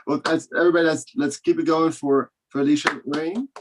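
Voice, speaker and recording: A man's voice: fairly high pitch, fairly even intonation, brisk, slight background noise. A man hosting a comedy show over a video call, wrapping up in a rambling, hesitant way with many restarts. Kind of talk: casual hosting, closing remarks.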